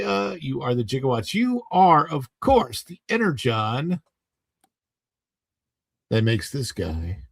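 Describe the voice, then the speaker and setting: A man talks casually as host of a live stream, reading viewers' names aloud in a chatty way. His voice has a gravelly edge, and the sound is dry and close with no room echo. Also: mid-range voice, big pitch swings, takes it slowly, long pauses. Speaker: livestream host.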